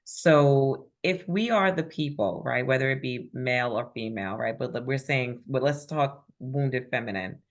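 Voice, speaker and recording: A woman's voice: very deep voice, moderate pace, few pauses. A woman facilitating a spiritual group call, affirming members and reading chat comments aloud.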